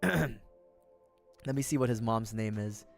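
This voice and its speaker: A man's voice: lowish voice, measured pace, creaky, faint music behind. A young man from the Philippines with a Filipino accent, chatting on a casual livestream, rambling, swearing freely and laughing often. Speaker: streamer.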